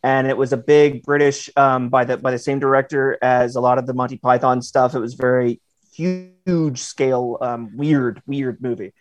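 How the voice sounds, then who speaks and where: A man co-hosting a podcast, speaking casually at a middle pitch. He rambles and restarts his sentences as he thinks aloud. The sound is dry and close. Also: fairly even intonation, normal speed, no room sound. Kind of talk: casual chat.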